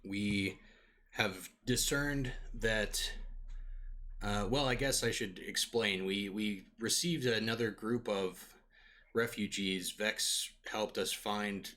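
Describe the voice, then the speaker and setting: A man's voice: on the low side, slow, pushed and bright. A man voicing a polite, fussy male village council leader who talks hesitantly and courteously. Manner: hesitant, courteous, full of hedges.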